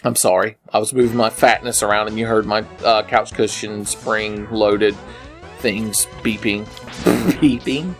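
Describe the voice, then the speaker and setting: A young man slurring a little while drinking, giving rambling, profane commentary on a game as he plays it, swinging between low mutters and sudden yells. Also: fairly even intonation, unhurried, faint music behind. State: slightly drunk, slurring. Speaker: gaming video maker. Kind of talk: drunken let's play commentary. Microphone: headset.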